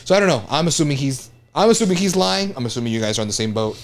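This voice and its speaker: A man's voice: fairly high pitch, big pitch swings, racing, soft background music. A man hosting a podcast, reading out entertainment news in a laid-back, joking way and swearing casually.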